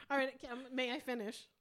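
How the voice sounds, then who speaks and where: A woman's voice: sits high, level tone, measured pace, a bit bright. A woman co-hosting a casual comedy chat, bantering playfully and amused at herself. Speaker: podcast co-host.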